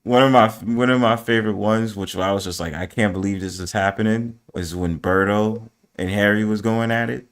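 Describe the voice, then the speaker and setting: A man's voice: fairly low pitch, steady tone, moderate pace, hardly any pauses. A man chatting casually on a livestream panel, laid-back and profane, laughing easily. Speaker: panel guest.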